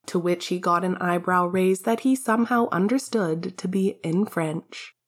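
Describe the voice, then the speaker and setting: A woman's voice: lowish voice, moderate pace. A woman narrating a fan fiction story in a wry, casual way, swearing freely. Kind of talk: fan fiction audiobook reading.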